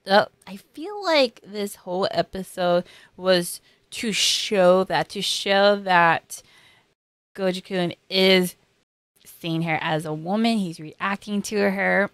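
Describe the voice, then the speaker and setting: A woman's voice: medium pitch, slow, no room sound. A young woman hosting an anime reaction, chatting casually in slang and acting out characters' lines.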